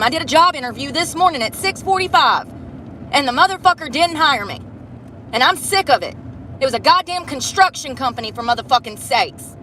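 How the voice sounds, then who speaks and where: Woman vlogger on an angry, profane rant, higher voice, outdoor phone recording with steady background noise. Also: fairly quick, low-quality recording. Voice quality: heavy swearing, frustrated. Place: in and around a car outdoors.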